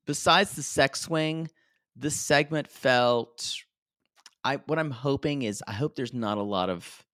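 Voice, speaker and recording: A podcast co-host with a medium-pitched, fairly bright voice recaps reality TV in casual, gossipy chat. He laughs often and mimics cast members when quoting them, and the clean studio sound has no room echo.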